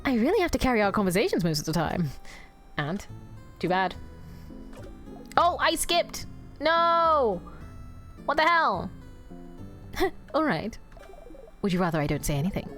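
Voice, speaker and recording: A woman's voice: fairly high pitch, very animated, measured pace, long pauses, faint music behind. A woman streaming a video game, reading its dialogue aloud and swearing at the screen. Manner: profane, loud outbursts at the screen. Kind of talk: casual game stream commentary.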